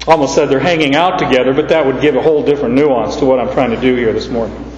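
A man's voice: mid-range voice, fast, a little mellow, echoey room, big-room sound, muffled recording. A man preaching a sermon, earnestly reading and explaining verses aloud. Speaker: pastor.

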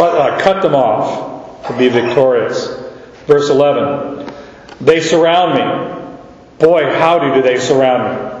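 A man preaching a verse-by-verse sermon as pastor, teaching slowly and haltingly, often repeating his words. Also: mid-range voice. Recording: echoey hall, dull sound.

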